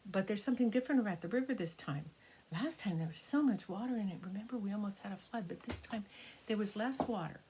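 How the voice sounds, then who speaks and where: An older woman, a grandmother, improvising a children's story, animated and sometimes dropping to hushed whispers. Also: mid-range voice, quick pace, a little hiss or hum.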